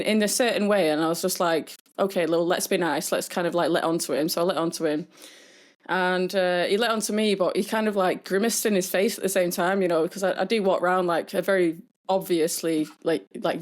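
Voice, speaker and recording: Chatty woman, lowish voice. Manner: chatty storyteller with many fillers, mimics people in a high voice. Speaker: podcast co-host. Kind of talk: casual podcast chat.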